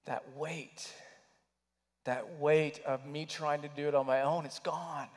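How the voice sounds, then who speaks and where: Male pastor, fairly high voice, preaching with big swings from loud to hushed, long hall reverb. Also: fairly even intonation, takes it slowly. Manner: emotional, swings between loud urging and hushed near-whispers. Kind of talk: sermon.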